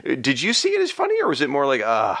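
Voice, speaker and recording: A man's voice: mid-range voice, huge pitch swings, fast, gravelly, a bit bright. A man co-hosting a podcast, chatting enthusiastically and casually about comic books, chuckling often. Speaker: podcast co-host. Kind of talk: casual comic book discussion.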